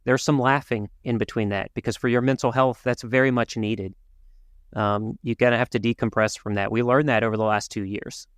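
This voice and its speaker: A man co-hosting a podcast, talking through world events in an earnest, measured way with some restarts. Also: medium pitch, steady tone, no echo, studio quality. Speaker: podcast co-host. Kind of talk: casual conversational commentary.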